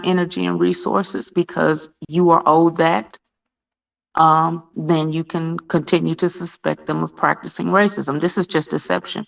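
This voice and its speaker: A woman's voice: deep voice, creaky. A woman making commentary, firing pointed rhetorical questions. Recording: dull lo-fi recording.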